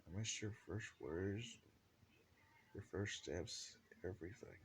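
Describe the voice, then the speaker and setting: A man voicing a worried middle-aged mother, lifting his pitch into a higher voice. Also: slow pace, a little hiss or hum. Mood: tearful.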